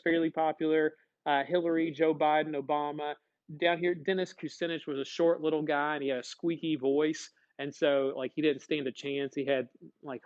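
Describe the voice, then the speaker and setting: A man teaching a classroom lecture, lively, acting out short dialogues as he explains. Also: a little high, lo-fi sound. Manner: animated, acts out little dialogues.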